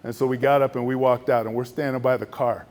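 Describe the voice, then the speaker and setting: A middle-aged man, an Air Force general, telling a story in a luncheon speech and acting out the other voices. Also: fast talker. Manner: animated storytelling, acts out other voices with raised pitch.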